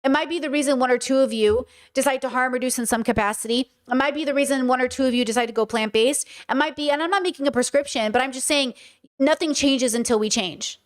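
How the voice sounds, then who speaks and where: A young adult woman talks in a casual, passionate monologue, with a voice pitched a little high. She is emphatic and circles back to repeat her points as a podcast host. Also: fast talker, hardly any pauses.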